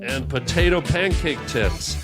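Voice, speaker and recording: A man's voice: on the high side, animated, measured pace. Teasing man with music behind. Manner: teasing, mock-formal. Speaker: podcast host in clip. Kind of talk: mock podcast banter.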